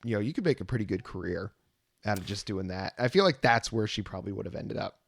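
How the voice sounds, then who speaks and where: A man co-hosting a music podcast, talking in a relaxed, rambling way in casual chat. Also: lowish voice, fast, gravelly, no echo, studio quality. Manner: relaxed, rambling, many "you know" fillers. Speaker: podcast co-host.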